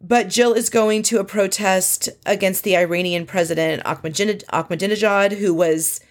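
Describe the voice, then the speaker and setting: A woman's voice: mid-range voice, steady tone, moderate pace. A woman casually recapping a reality show episode, chatty and full of opinionated asides.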